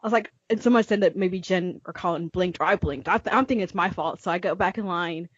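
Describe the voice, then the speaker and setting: A woman's voice: lowish voice, quick pace, husky, dry recording. Earnest woman on a dry, muffled mic. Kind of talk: casual group chat.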